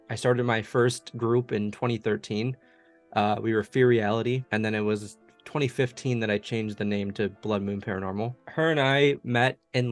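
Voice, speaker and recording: A man in his twenties from the US, leading a paranormal investigation group and casually telling stories in an interview, relaxed and rambling with many fillers. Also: mid-range voice. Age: 20s.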